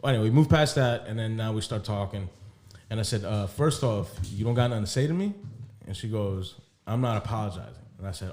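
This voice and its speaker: A young man with a low, mellow voice recounts a personal drama to his co-host on a podcast. He tells it casually and keeps acting out both sides of the conversation. He swears freely and laughs as he goes. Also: fast talker. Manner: animated storyteller, quotes conversations, frequent laughs and profanity. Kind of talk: casual storytelling chat.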